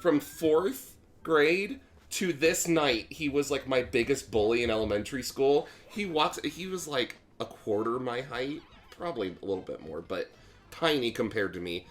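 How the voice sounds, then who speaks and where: A young man on a gaming podcast, casually telling a rambling, animated story with lots of "like". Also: mid-range voice, moderate pace. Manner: animated, rambling, acts out quotes. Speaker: podcast co-host.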